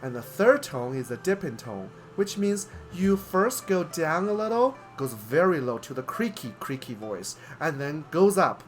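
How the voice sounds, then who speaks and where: A man hosting a lesson on speech sounds, slowly demonstrating tones on drawn-out vowels. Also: a little high, big pitch swings, soft background music. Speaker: host and language teacher. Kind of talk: pronunciation lesson.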